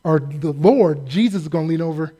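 A man's voice: on the high side, a little fast, husky. A man preaching a sermon, telling a story with jokes and acting out the voices of the people in it. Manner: animated, joking, acts out quoted voices. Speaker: pastor.

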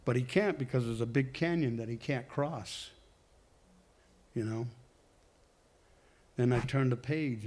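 A man's voice: medium pitch, a little mellow. A man giving a personal testimony to a congregation, talking conversationally in a rambling way and correcting himself as he goes. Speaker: church member giving testimony.

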